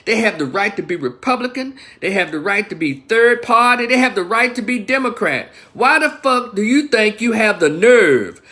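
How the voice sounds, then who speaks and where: A man's voice: high-pitched, expressive, normal speed, few pauses, bright, forceful tone. A man from Memphis, ranting heatedly to his livestream viewers and swearing often. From Memphis, Tennessee. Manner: heated, profane, addresses viewers directly. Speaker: livestream commentator. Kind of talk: livestream opinion rant.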